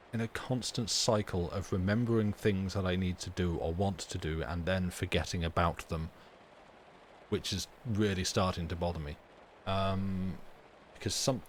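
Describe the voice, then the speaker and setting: Reading stories on a live stream, a low-voiced man teases his viewers in a dry, meandering way, often starting his sentences over. A faint hiss or hum runs under the audio.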